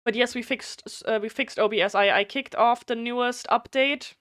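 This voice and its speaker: A talkative woman streaming a game, her German accent coming through. Her voice is smooth and clear with a slight nasal edge, and it sits close and dry on a desk mic. She chats bluntly and swears freely. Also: on the high side, fairly even intonation, moderate pace, a bit bright, dry recording. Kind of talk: casual live stream chat.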